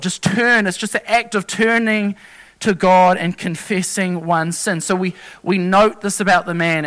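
A male preacher with a high, bright, ringing voice delivers an earnest sermon, working through scripture in a plain, personal way. As he explains each point he halts, stumbling, restarting mid-phrase and correcting himself.

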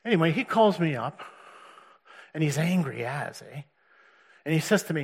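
A man's voice: on the high side, lively intonation, moderate pace, husky. A middle-aged man telling the story of his faith in a casual way, acting out the voices of the people he quotes and chuckling as he goes. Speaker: testimony speaker. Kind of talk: personal faith testimony.

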